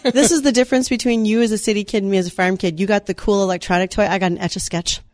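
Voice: medium pitch, fairly even intonation, racing, darkish tone, no room sound. Wry, snarky radio host on a dry mic. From North Dakota. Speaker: radio farm show host. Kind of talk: casual on-air chat.

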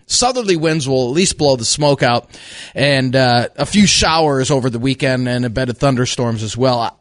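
A man giving a radio weather forecast in a relaxed, chatty way, often pausing with "uh". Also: medium pitch, no echo, studio quality. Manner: relaxed, chatty delivery with frequent uh fillers. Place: radio studio.

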